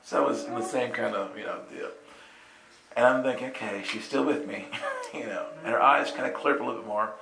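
A man's voice: mid-range voice, brisk, background noise. A man telling a personal story in casual conversation, acting out the voices of the people in it, laughing often and checking in with "right?". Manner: animated, acts out quotes with voices, laughs often, asks "right?". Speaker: storyteller recounting a personal experience. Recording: roomy echo.

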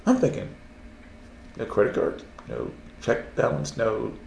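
A self-published Christian author tells a story in casual conversation, acting out the voices he heard. He's animated and laughing, with an unhurried, creaky voice on the low side, and the recording has roomy echo and faint background noise.

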